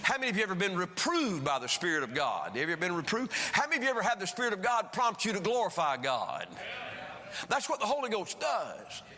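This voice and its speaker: A man preaching a sermon, swinging between emphatic rises and quiet drops as he speaks. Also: high voice, big pitch swings, fast. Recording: preaching in a reverberant church hall.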